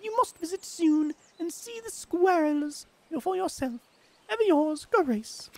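A streamer putting on a high prim English lady. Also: animated, slow, a little mellow, heavily acted. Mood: genteel, chatty. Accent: put-on British. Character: prim genteel Englishwoman writing a letter.

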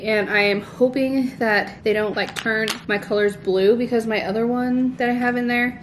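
A woman's voice: fairly high pitch, background noise. A young pregnant woman chatting casually to a handheld camera as she runs errands and relaxes at home, full of "like" fillers. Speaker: vlogger. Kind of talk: casual vlog chat.

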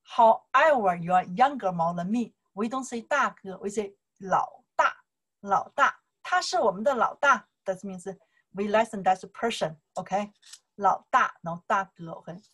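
Chinese-accented woman teacher, patient repeater, mid-pitched everyday voice. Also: expressive, moderate pace, fairly bright tone. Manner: repeats phrases, simple broken English. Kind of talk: explaining to camera.

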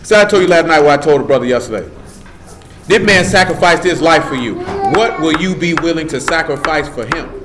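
A man's voice: on the high side, expressive, fairly quick, fairly bright tone, slight background noise. A man preaching a live sermon, emphatic and casual, asking the room rhetorical questions. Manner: casual street slang.

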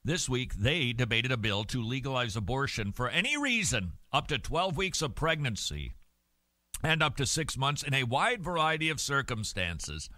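Animated, sarcastic male talk host. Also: medium pitch, moderate pace, no echo. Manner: animated, sarcastic, jokey asides. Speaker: radio host. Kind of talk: opinionated Christian talk show commentary.

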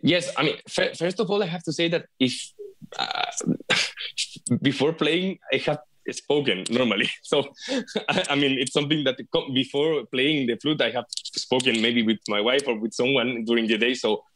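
A man with a Spanish accent talks as a guest over a video call, speaking English as a second language. His pitch sits in the middle range, and his speech halts with frequent restarts and repeated words. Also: steady tone, moderate pace, fairly bright tone. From Spain. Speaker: flute player guest. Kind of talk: casual video call interview.

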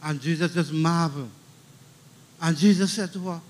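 A man's voice: fairly high pitch, normal speed. A middle-aged man with a Trinidadian accent preaching a funeral sermon, emphatic and repeating key lines, calling out for amens.

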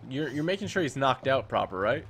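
A man's voice: mid-range voice, sing-song, a little fast. Man gaming host over noisy game audio. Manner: playful, jokey, talks while playing. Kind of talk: casual co-op gameplay commentary. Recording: game audio and noise behind voice.

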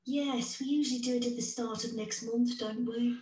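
A woman's voice: fairly high pitch, fairly even intonation, normal speed, warm tone, lightly acted. A woman with a British accent playing a nurse in a scripted listening test dialogue, conversational and plain. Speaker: nurse in an exam listening recording. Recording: roomy, distant audio replayed.

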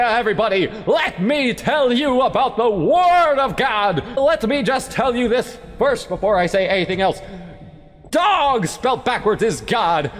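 A man putting on a loud male street preacher, drawing out his words in a preaching cadence. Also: big-room sound. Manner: booming, drawn-out preaching cadence.

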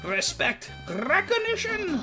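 A man voicing a loud, boastful skeleton in a high shouting cartoon-villain voice. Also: wildly swooping pitch, takes it slowly, music in the background, heavily acted. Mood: grandiose.

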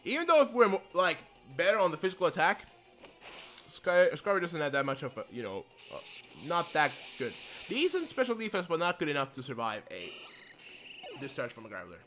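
Young male gamer, high lively voice, bright and excitable, faint game music behind; casual let's-play commentary. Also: a little fast. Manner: excitable, swears, apologizes a lot.

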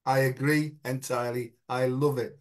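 A man's voice: medium pitch, flat delivery, moderate pace. A man hosting a casual conversation, blunt and laughing easily, with casual swearing. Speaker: host.

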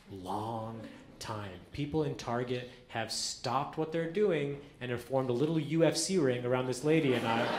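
A man performing a stand-up comedy set on a club stage, telling deadpan stories with acted-out quotes. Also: medium pitch. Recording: echoey club with audience noise. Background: audience laughter.

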